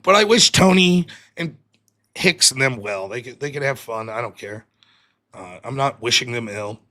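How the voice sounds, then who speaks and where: A man hosting a live call-in stream, talking casually and animatedly, often sounding exasperated and mocking. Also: medium pitch. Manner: animated, exasperated, quick to mock. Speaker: livestream host.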